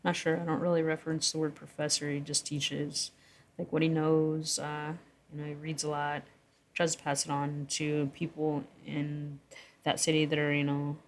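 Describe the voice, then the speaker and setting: A woman's voice: deep voice, monotone, moderate pace, a little hiss or hum. A woman talking through a story she wrote in casual vlog commentary, rambling, correcting herself and chuckling between thoughts. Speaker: writer explaining her own story. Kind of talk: casual vlog commentary reading from her draft.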